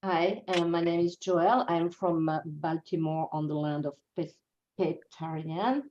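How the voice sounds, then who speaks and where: A woman's voice: sits low, fairly even intonation, a little hiss or hum. A French-accented woman, a native French speaker, introducing herself hesitantly on a video call. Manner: hesitant, with pauses. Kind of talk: casual self-introduction. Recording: muffled video call audio.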